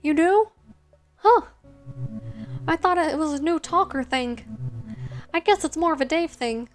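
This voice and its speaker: A woman voicing an excitable, friendly ghost dog who chatters sweetly. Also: high voice, measured pace, soft background music. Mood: excited.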